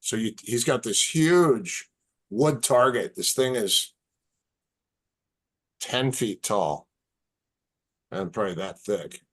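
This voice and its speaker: A man, a martial arts instructor on a podcast as a guest, telling stories in a casual, animated, halting way. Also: fairly low pitch. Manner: animated, halting, repeats words. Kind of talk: casual storytelling.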